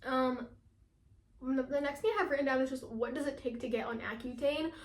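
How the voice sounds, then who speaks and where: A teenage girl vlogging in a casual, chatty way, talking fast with lots of fillers and laughing often. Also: high-pitched, echoey room. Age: teens. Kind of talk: casual chat.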